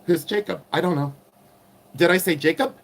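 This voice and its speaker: A man's voice: a little high, normal speed. A middle-aged man with a nasal voice hosting a casual jewelry livestream, rambling and teasing himself while reading chat aloud. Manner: rambling, self-mocking, reads chat aloud. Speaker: livestream host reselling vintage jewelry.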